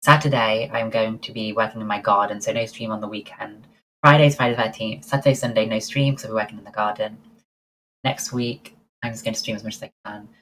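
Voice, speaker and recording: A woman's voice: very deep voice, fast, fairly bright tone, a little hiss or hum, poor audio. A woman livestreaming, chatting casually and answering her viewers' messages one by one. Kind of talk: casual chat with live viewers.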